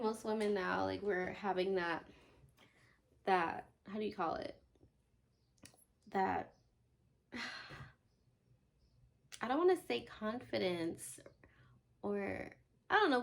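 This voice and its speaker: A woman's voice: medium pitch, vocal fry. A young woman vlogger in a blunt, exasperated casual rant, full of "like" fillers.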